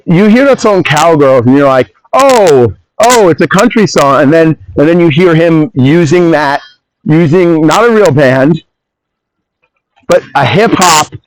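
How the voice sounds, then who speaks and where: A man's voice: on the high side, a little hiss or hum, poor audio. Rambling, ranting man on a phone mic. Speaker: solo podcaster. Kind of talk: casual rambling monologue.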